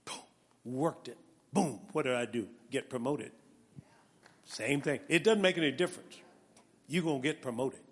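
A male preacher giving an animated sermon with a personal testimony, calling out to his congregation and building to shouts. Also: medium pitch, normal speed, pauses often, a little hiss or hum. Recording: long reverb of a large hall.

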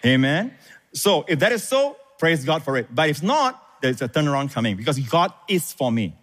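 Male pastor, emphatic call-and-response preaching, lively delivery, echoing hall. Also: a little high, normal speed. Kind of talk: sermon. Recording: reverberant hall.

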